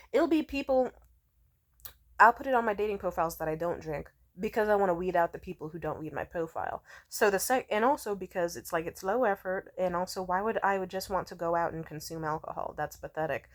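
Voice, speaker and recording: Young woman, casual rant, blunt and profane, sarcastic, low-ish voice, phone mic. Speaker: vlogger.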